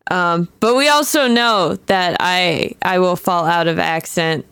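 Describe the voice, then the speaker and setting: A woman's voice: fairly low pitch, vocal fry, fairly bright tone, clean tone, no echo. A young woman co-hosting a podcast, chatting casually in a playful, joking way. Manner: chatty, playful, quick to joke. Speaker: podcast co-host and player. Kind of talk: casual chat.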